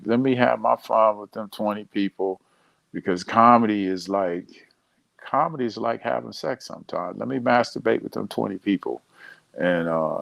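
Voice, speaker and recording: A man's voice: sits low, gravelly, dry recording. A male comedian on a talk show, joking and rambling, often restarting his phrases. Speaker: comedian guest.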